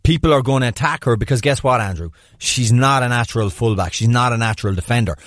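A man talks through match tactics in a relaxed podcast chat, picking apart each play with lively detail. His voice sits mid-range and sounds dry and close, with no room around it. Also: medium pitch, fast, dry recording. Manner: animated, breaks down plays in detail. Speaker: podcast co-host. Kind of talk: casual sports analysis chat.

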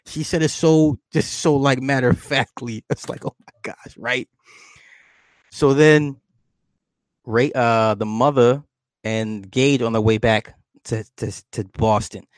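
A man's voice: medium pitch, slow pace, clear, resonant tone, no room sound. Casual man animatedly recapping a movie. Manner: animated storytelling, laughs often, acts out characters; swears casually, addresses listener with "right?".

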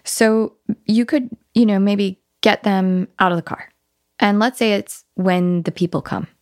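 Gravelly, animated woman giving parenting advice. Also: medium pitch, a little slow, no echo, studio quality. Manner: animated storytelling, acting out playful talk with children. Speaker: parenting guest expert. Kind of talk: casual advice conversation.

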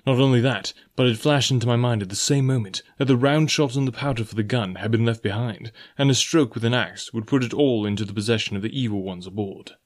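A man reading a story aloud in a measured, even voice. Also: medium pitch. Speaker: audiobook narrator. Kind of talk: scripted storybook narration.

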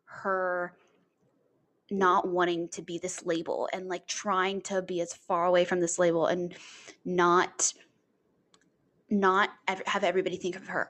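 A woman's voice: fairly low pitch, flat delivery, measured pace, long pauses, a bit bright. A young adult woman co-hosting a casual book-club podcast, rambling with lots of fillers like "like" and "and stuff". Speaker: podcast co-host.

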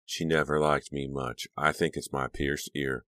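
Wisecracking teen boy, voiced by a man, soft, very deep voice, dry sound. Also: fairly even intonation, unhurried, no echo. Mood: joking. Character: teenage boy, joking and easygoing.

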